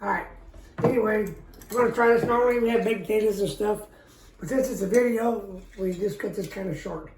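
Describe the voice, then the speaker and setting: A woman's voice: mid-range voice, fairly quick, a little mellow. A middle-aged woman hosting a backyard barbecue cooking video, with a folksy, chatty manner and a habit of repeating her words. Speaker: backyard barbecue cook and host. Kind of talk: casual cooking demonstration. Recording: roomy, distant camera mic, faint background noise.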